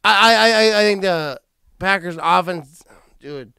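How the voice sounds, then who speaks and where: A man's voice: high voice, measured pace, creaky, bright, forceful tone, smooth, dry recording. A man co-hosting a post-game show, furious and swearing, stumbling over his words. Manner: angry, swearing, stammering. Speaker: co-host. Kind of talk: angry post-game chat. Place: dark room, light off.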